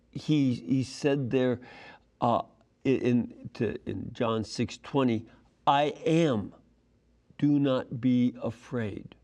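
Guy teaching a bible lesson, real slow and deliberate, leans on the key words. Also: mid-range voice, mellow. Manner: deliberate, explanatory, stresses key phrases. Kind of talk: scripture lesson.

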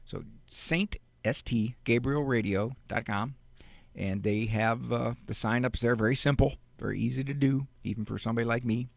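A man hosting a call-in advice radio show, teaching in a deliberate way and firing off rhetorical questions. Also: medium pitch, creaky, no room sound.

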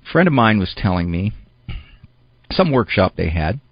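A man's voice: on the low side, big pitch swings, normal speed, breathy edge, dry recording, lo-fi sound. A man hosting a podcast, delivering an emphatic, indignant monologue full of rhetorical questions. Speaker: podcast host. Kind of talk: spoken monologue commentary.

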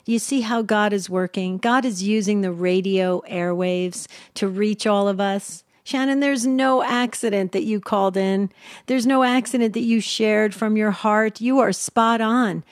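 A woman's voice: mid-range voice, measured pace, no room sound. Effusive woman radio host, dry sound. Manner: enthusiastic, effusive praise. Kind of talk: call-in radio hosting.

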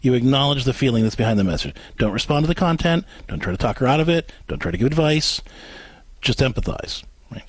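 A man co-hosting a call-in advice show, coaching a caller step by step and acting out gentle example phrases. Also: medium pitch, big pitch swings, fast, breathy edge, no room sound. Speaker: radio advice host.

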